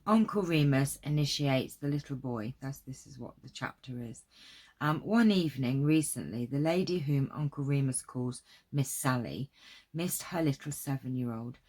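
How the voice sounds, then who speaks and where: A woman's voice: extremely low pitch, a little mellow. A woman hosting a craft video, chatting casually and enthusiastically before reading aloud from a book. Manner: chatty, enthusiastic, many fillers.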